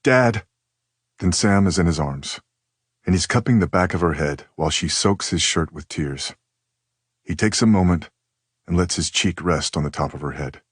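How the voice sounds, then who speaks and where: A man narrating an audiobook in a measured, steady reading style. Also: low voice, slightly rough, no room sound. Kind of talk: scripted narration.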